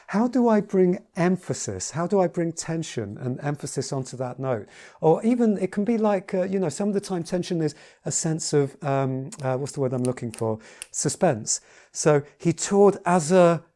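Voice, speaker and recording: A man giving a casual piano lesson, talking in a halting way with many repeated words and fillers. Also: fairly high pitch, mellow. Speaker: piano teacher. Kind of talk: casual spoken tutorial. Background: piano playing between remarks.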